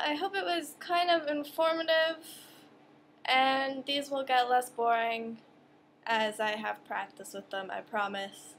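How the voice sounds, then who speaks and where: Young woman, vlogger, high-pitched, sarcastic rants, quick asides, faint noise. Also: fairly bright tone. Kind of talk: casual monologue to camera.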